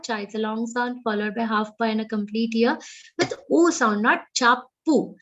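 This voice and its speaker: A woman with an Indian English accent teaching Sanskrit pronunciation in an online class, chanting verses slowly and correcting each sound precisely. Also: on the high side, muffled recording. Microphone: online video call.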